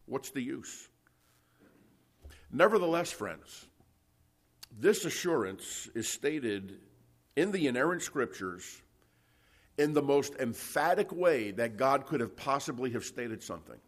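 A male preacher working verse by verse through scripture in an ordinary mid-range voice. He talks emphatically, stammers through restarts and keeps clearing his throat. He often stops to check in with his listeners with "okay?" and "you see.". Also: mid-range voice, sing-song, measured pace. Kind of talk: expository Bible teaching.

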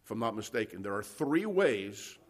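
A man preaching an expository Bible teaching, emphatic and repetitive, often clearing his throat and checking in with "okay?" and "you see". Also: on the low side, sing-song, moderate pace. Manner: emphatic, repetitive, stammers on restarts.

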